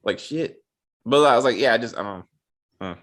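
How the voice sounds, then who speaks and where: Loose, stammering, animated man. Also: medium pitch, moderate pace. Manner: loose and profane, stammers and repeats words. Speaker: podcast co-host. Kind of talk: casual chat.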